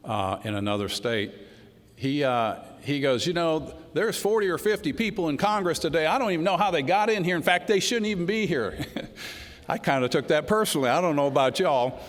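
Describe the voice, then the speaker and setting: A middle-aged man giving a folksy, unscripted political speech, telling stories to a crowd. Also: fairly high pitch. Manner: folksy, storytelling, says y'all. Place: large hall before a crowd. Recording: hall reverb with crowd.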